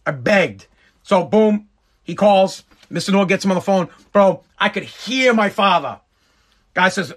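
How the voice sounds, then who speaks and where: A man's voice: high-pitched, a little fast, a bit bright. A man telling an exasperated, profane stand-up story. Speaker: stand-up comedian.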